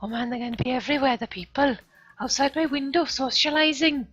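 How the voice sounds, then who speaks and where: A woman voicing a paranoid, reclusive teenage boy who rants in loud, panicky outbursts. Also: high-pitched, a little fast, husky, pitched above the performer's own voice. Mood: frantic. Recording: dull lo-fi stream audio, faint music.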